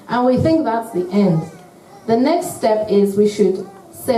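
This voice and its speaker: A woman giving an earnest, measured talk to couples at a church, acting out sample phrases as she teaches. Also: medium pitch, animated, dark tone, slight background noise. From United Kingdom. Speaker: church marriage speaker. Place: church hall. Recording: echoey hall, mic at a distance.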